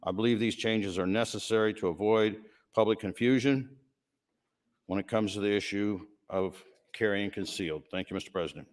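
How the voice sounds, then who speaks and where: A man in a legislative chamber, calmly explaining his bill in a plain, measured floor speech. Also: fairly low pitch. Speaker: state senator introducing a bill.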